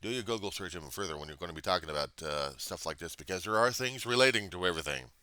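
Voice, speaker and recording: A man's voice: low voice, animated, quick pace, pushed and bright, clean tone, no echo. An American man vlogging a rambling, profane history monologue, full of digressions and self-corrections. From United States.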